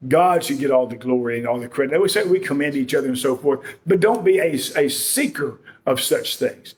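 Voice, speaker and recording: A man's voice: medium pitch, lively intonation, brisk. A man preaching a sermon in a folksy, joking, conversational way.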